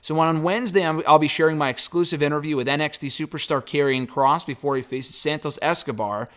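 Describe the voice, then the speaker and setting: A man's voice: on the high side, fairly quick, fairly bright tone. A man reviewing a wrestling talk show alone in a casual, blunt and opinionated way, rambling loosely with fillers and the odd curse. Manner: blunt, opinionated, a bit profane.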